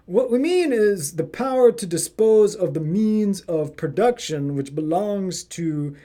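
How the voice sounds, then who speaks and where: A hoity-toity English gentleman, as a man puts him on, pompous and drawn out. The voice sits higher than usual and reads slowly with lofty self-importance. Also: expressive. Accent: English, put on.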